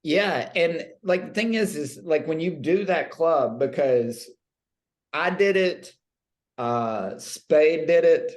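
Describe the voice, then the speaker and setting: A man's voice: on the high side, lively intonation, slow. A man with a slightly raised voice plays it straight as he swaps invented tales with a fellow comedian. His delivery stays dry and matter-of-fact, as though the absurd details were ordinary history. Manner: straight-faced, trades made-up stories. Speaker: comedian co-host. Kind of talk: deadpan improvised comedy chat.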